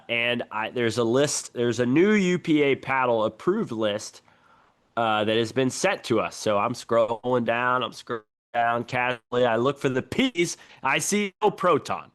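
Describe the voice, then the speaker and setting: A young man hosting a casual podcast, telling his stories in a chatty, animated way. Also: medium pitch, smooth. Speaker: podcast host.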